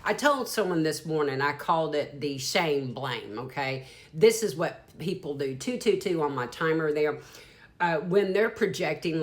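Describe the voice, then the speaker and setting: Low-voiced Southern woman giving a psychic reading. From Deep South, USA. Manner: rambling, stream-of-consciousness, frank and profane. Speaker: psychic tarot reader. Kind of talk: channeled intuitive reading.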